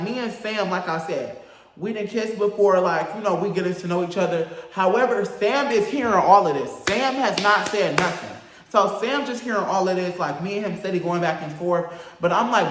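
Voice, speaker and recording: High-voiced man telling a wild story. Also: normal speed, roomy sound. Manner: animated, profane, campy, acts out others. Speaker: storyteller vlogger. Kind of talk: casual storytime.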